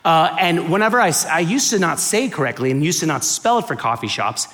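A man in his thirties or forties from the United States, telling funny stories in a chatty, animated talk to a live, clapping audience. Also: fairly high pitch, brisk. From United States (Miami). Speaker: speaker giving a talk.

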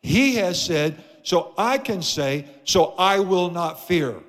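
A man's voice: high voice, animated, takes it slowly, a bit bright, in a large hall. A man preaching a sermon as pastor in a church, emphatic with repeated phrases. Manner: emphatic, repetitive preaching cadence. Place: church sanctuary.

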